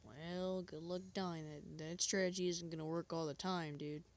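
A woman's voice: lowish voice, steady tone, normal speed. A woman coaching a friend through a horror game in casual chat, reassuring and guiding. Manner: reassuring, guiding, loose and chatty.

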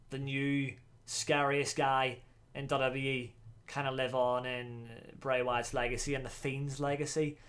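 A man giving excitable, slangy commentary while reacting to a wrestling video. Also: mid-range voice.

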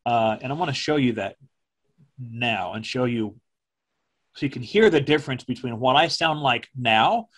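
A middle-aged man, a former television meteorologist, recalling events in a slow, measured way that turns emotional. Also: mid-range voice, lively intonation, fairly bright tone. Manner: slow, measured, speaking from the diaphragm. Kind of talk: emotional personal recollection.

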